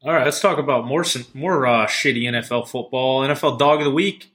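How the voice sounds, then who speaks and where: A man's voice: mid-range voice, brisk, a bit bright. A man co-hosting a casual sports betting podcast, joking around and swearing as he gives his picks. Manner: jokey and profane, goofing around. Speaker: podcast co-host.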